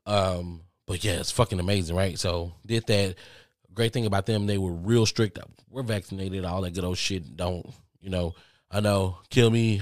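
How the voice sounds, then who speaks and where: A man vlogging, telling a story casually to his viewers with lots of cursing and animated asides. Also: sits low, moderate pace, no echo, studio quality. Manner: profane, animated, talks straight to viewers.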